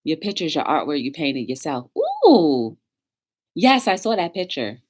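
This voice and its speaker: A woman's voice: low-pitched, big pitch swings, a little slow, darkish tone. A woman hosting a live-stream talk show, telling stories with energy and greeting viewers in the chat by name. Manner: upbeat, encouraging.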